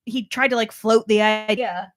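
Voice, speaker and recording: A woman's voice: medium pitch, steady tone, normal speed. A woman co-hosting a casual podcast, adding wry, joking asides. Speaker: podcast co-host.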